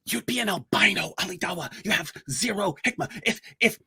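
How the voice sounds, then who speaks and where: A man with a soft, whispery, breathy voice, mockingly scolding and teasing a rival. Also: sits high, fairly quick.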